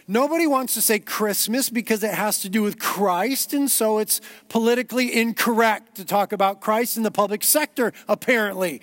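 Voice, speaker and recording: A man's voice: very high voice, lively intonation, normal speed, a bit bright, no room sound. A man preaching a sermon as pastor, earnest and growing emphatic, with repeated words as he builds.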